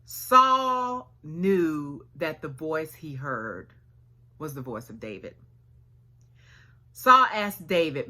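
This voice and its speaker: A woman's voice: low-pitched, sing-song, extremely slow, long pauses, bright, forceful tone. A woman preacher giving a sermon, retelling a story with acted dialogue and casual slang.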